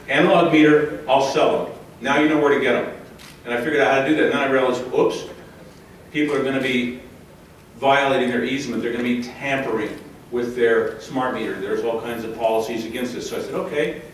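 A man's voice: mid-range voice, slight background noise. American guy ranting at a forum crowd, far from the mic, big echoey hall. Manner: impassioned, addresses the crowd directly. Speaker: speaker at a public forum. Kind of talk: public talk to an audience. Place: large hall with live audience.

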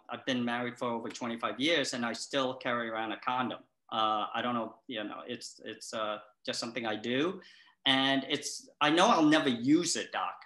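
A middle-aged man telling comic stories to a therapist in a rambling, halting way, full of restarts and deadpan asides. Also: medium pitch, reverberant. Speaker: patient in a comedy sketch.

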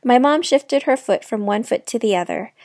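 A woman narrates a children's novel aloud with clear, steady storytelling. Her voice is a little high with a gravelly texture, recorded dry and close to the mic. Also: moderate pace, no room sound. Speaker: children's book reader.

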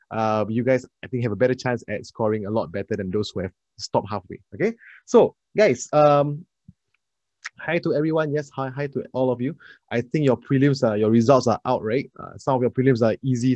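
A man, an energetic, chatty math tutor leading a live online class and addressing his students directly. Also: medium pitch, no room sound, lo-fi sound.

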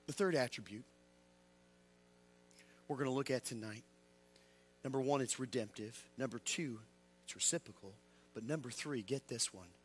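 A man preaching a revival sermon as an evangelist, calling out questions to the congregation and swinging between loud exclamations and low quiet asides. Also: moderate pace, pauses often, husky. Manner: call-and-response with the congregation. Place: church.

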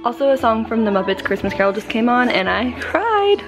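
A young woman vlogging casually, gushing and excitable, often saying "literally". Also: fairly high pitch, a little fast, over music. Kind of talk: casual vlog chat. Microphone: compact camera.

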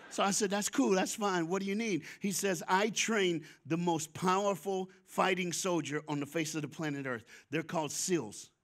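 Lively storytelling preacher man, higher-pitched. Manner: lively storyteller with sudden shifts between loud and soft, chuckling; casual slangy talk. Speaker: guest speaker at a church. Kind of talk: storytelling sermon with call-and-response. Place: church before a congregation.

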